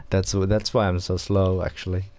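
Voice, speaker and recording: A man's voice: low voice, moderate pace. A man, streaming a racing game with wry, self-mocking commentary and free swearing. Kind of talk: casual gameplay livestream commentary. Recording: loud racing game engine noise behind voice. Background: racing car game sounds.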